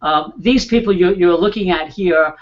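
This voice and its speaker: A man hosting an online panel show, warmly introducing his guests and filling pauses with small "uh"s. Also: sits high, highs cut off. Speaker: host.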